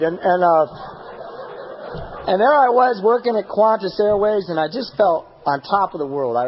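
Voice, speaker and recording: A man's voice: on the high side, dull audio. A young man speaking candidly and with self-deprecating humor as the speaker at a recovery meeting. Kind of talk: personal recovery talk. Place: meeting hall.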